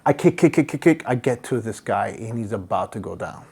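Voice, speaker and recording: Excitable storytelling man. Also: lowish voice, fairly quick, gravelly, slightly rough. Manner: excitable, acts out others' voices, many restarts. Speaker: podcast guest, boating content creator. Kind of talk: animated storytelling in casual interview. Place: podcast studio.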